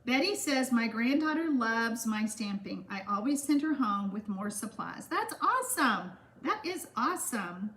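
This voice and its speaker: A woman's voice: fairly high pitch, big pitch swings, unhurried, few pauses, a bit bright, a little hiss or hum. A woman hosting a stamping craft livestream, chatting casually and giggling as she reads viewer comments.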